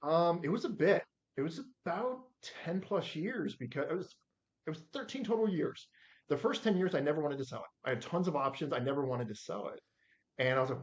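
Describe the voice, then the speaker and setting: A man's voice: a little high, brisk. Guy in his 40s telling business stories, does the voices, kinda dull lo-fi sound. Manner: animated storyteller acting out his own quotes. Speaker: guest. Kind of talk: storytelling in a podcast interview.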